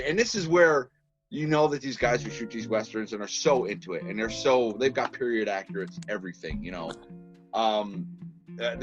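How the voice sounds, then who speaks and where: A man from Massachusetts, a guest on a podcast, telling stories in a casual, animated way with plenty of restarts. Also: mid-range voice. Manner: animated storyteller, lots of restarts and laughs. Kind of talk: casual interview chat. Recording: dull lo-fi podcast audio with faint music.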